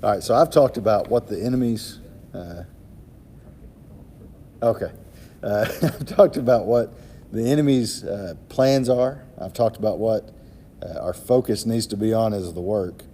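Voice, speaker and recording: A man's voice: on the low side, measured pace, long pauses, dark tone, a little hiss or hum. A man talking thoughtfully in a casual group Bible study discussion.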